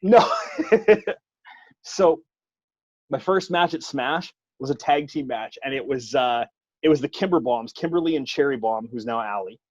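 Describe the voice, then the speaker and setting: A man's voice: mid-range voice, unhurried, no echo. A man, a wrestling referee, telling a funny story in casual podcast chat, poking fun at himself. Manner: self-deprecating, animated anecdote telling. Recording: dull lo-fi dry podcast audio.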